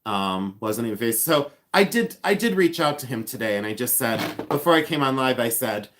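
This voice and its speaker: A man hosting a casual live stream, chatting excitedly, thanking viewers and thinking aloud with frequent restarts. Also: medium pitch, normal speed. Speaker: livestream host and reseller.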